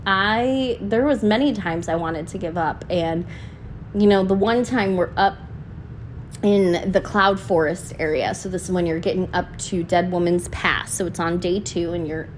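A woman's voice: lowish voice, a little hiss or hum. A woman hosting a podcast, talking in a casual, heartfelt monologue that often turns emotional and is full of "you know" fillers. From United States. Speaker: podcast host.

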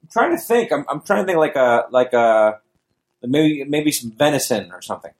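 A man co-hosting a comedy podcast in casual chat, laid-back and quick to laugh. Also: medium pitch, animated. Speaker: podcast co-host.

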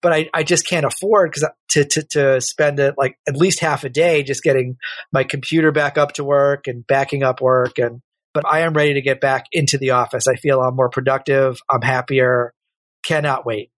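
Middle-aged man, podcast guest, frank and rambling, mid pitch, dry close mic. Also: steady tone, moderate pace, a bit bright, dry recording. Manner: candid, rambling, self-correcting. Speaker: podcast guest, working father. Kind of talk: casual conversational interview.

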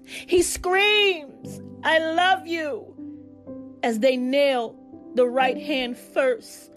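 A woman reciting a spoken-word devotional poem in a slow, solemn, intense way, repeating its refrains. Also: high-pitched. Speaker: devotional poet.

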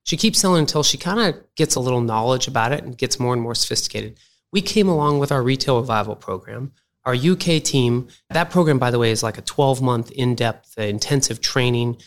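A man's voice: mid-range voice, fairly quick. A man, a company executive, talking through an interview and telling stories with energy. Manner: animated storyteller, acts out quoted people. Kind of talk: conversational interview.

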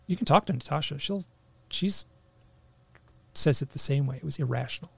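A man telling a personal story in a casual, halting way, full of restarts, animating the voices he quotes. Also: fairly high pitch, creaky, slightly rough, no room sound. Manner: animated, acts out quoted lines.

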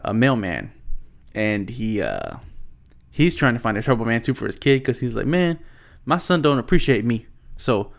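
A man's voice: medium pitch, gravelly. A man talking casually to the camera, rambling through a story with lots of restarts and filler words. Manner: rambling, loose, full of "like" and restarts.

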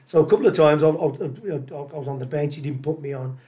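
A middle-aged man tells football stories in a loose, chatty way, acting out what people said to him. His voice sits a touch high for a man, and he rattles through the tales with easy good humour. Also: fairly quick. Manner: chatty, animated anecdotes with acted-out dialogue and laughter. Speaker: interview guest, former footballer. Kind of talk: casual storytelling.

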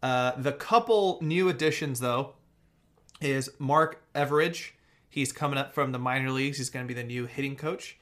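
A young man co-hosting a casual sports podcast, joking around and running through team news in a lively way. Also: medium pitch, normal speed. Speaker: podcast co-host.

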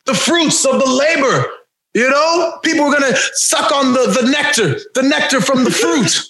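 A man co-hosting a casual chat, animated and jokey, often slipping into impressions of others. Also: very high-pitched, normal speed, reverberant, rough recording.

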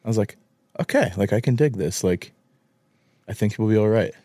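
A man's voice: lowish voice, animated, moderate pace, warm tone, no echo, studio quality. A man in his thirties co-hosting a podcast, easygoing and chatty, laughing often. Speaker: podcast co-host. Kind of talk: casual chat.

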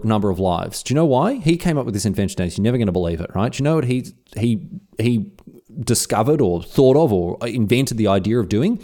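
A man's voice: on the low side, lively intonation, quick pace, mellow. A man in his thirties co-hosting a podcast in casual chat. He laughs often and restarts his sentences. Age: 30s. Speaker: podcast co-host.

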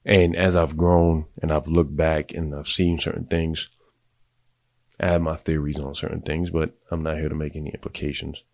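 A deep-voiced middle-aged man hosting a podcast, giving blunt, profane, confessional advice to other men in a casual monologue. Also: little pitch movement, normal speed, creaky, a little mellow, dry recording. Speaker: podcast host.

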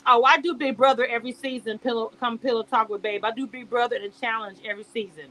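This woman talks fast in a bright, forceful voice on the high side, with fairly even intonation. On her casual YouTube live stream she reacts to a reality show cast, reading chat aloud, laughing often, and rambling off on asides.

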